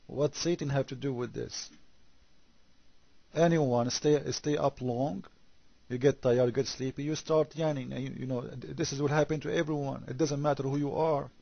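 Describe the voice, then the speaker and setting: A man giving a sarcastic critical commentary monologue, firing off rhetorical questions and stumbling into halting repetitions. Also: mid-range voice, steady tone, vocal fry, no room sound, muffled recording.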